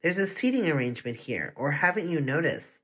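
A reader putting on a sassy, streetwise teenage girl with a blunt tongue and a teasing lilt. It sounds like a storybook reading at a middling pitch. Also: big pitch swings, fairly quick, a bit bright, husky. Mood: scornful. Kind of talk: audiobook reading.

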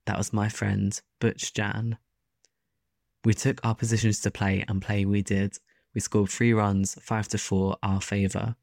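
Low, flat-voiced male audiobook narrator. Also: no room sound, clean studio sound. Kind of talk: audiobook narration of a first-person story.

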